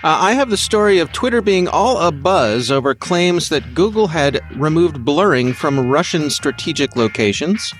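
A man's voice: on the high side, expressive, moderate pace, hardly any pauses, faint music behind. A man who is a podcast guest, talking in an easygoing, good-humoured way. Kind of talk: casual podcast chat.

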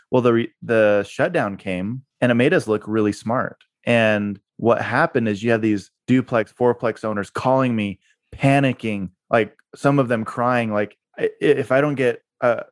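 A man's voice: lowish voice, no room sound, studio quality. A man being interviewed on a podcast, telling stories energetically and repeating words for emphasis. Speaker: guest, real estate investor and broker. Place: Utah.

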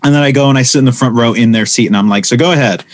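A man, a stand-up comedian, talking casually and telling animated stories, acting out the voices of the people he quotes. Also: mid-range voice, racing. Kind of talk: casual conversation.

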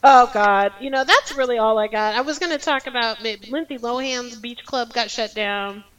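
A woman's voice: fairly high pitch, moderate pace, a bit bright, smooth, muffled recording. A woman co-hosting a casual gossip podcast, reacting with disbelief and frequent laughter. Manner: incredulous, laughs often. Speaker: podcast co-host.

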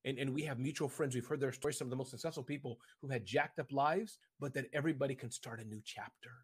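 A man guest on a video-call interview, talking about business in a rambling, animated way and often addressing the host by name. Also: medium pitch, fast talker, breathy edge. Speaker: podcast guest, entrepreneur. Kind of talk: casual interview chat.

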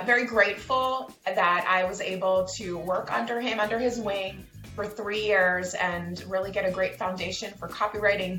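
Calm, mellow young woman guest; roomy echo with music behind. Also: mid-range voice. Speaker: copywriter guest. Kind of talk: interview answers, giving advice.

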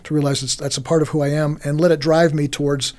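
A man, a pastor, talking reflectively on a podcast in an earnest, halting way with many restarts. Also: on the high side, level tone, a little mellow.

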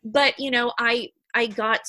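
A high-energy woman with a bright, forceful voice talks earnestly as a guest in a relaxed interview. She moves along quickly and keeps her tone lively. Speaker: human design reader, podcast guest. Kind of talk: casual interview chat.

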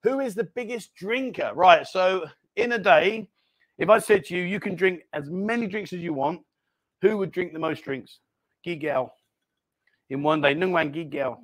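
A man hosting a lively live-stream chat in a bar, bossy and jokey, calling everyone mate. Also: high voice, moderate pace. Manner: jokey, bossy banter, calls people mate. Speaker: host.

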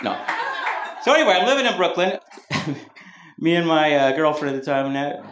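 Very animated and fairly quick, with a fairly high pitch, this Mountain View, California stand-up comedian rambles and jokes at his own expense on a club stage before a live crowd. The roomy club recording includes background noise.

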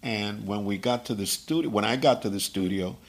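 A man from Puerto Rico, a guest musician telling animated stories in an interview, often repeating words. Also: lowish voice, brisk. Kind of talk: storytelling interview.

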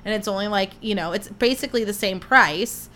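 Medium in pitch, brisk, pushed and bright, this young woman's voice comes with a little hiss or hum. She runs a casual solo podcast as a chatty, gushing storyteller who acts out what people said.

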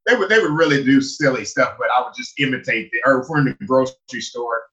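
Brief: animated male guest, bright edgy tone, acts out the people in his stories. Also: fast talker, dull audio. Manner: animated, acts out people with big pitch jumps. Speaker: guest who lived in China. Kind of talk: casual storytelling chat.

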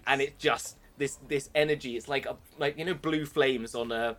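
A man running a tabletop game as dungeon master, excitable and rambling, often laughing as he narrates. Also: mid-range voice, normal speed.

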